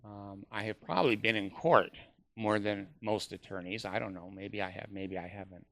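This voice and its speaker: A man's voice: fairly low pitch, moderate pace, fairly bright tone, no echo, studio quality. A man vlogging in a rambling, hesitant way, full of fillers and casual swearing.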